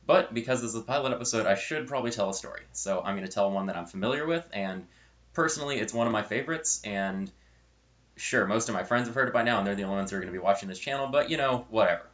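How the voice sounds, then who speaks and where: A man's voice: lowish voice, quick pace, fairly bright tone, muffled recording. Chatty young man telling a story. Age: young adult. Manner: chatty and rambling, with self-correcting asides. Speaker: storyteller and channel host. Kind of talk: casual storytelling vlog.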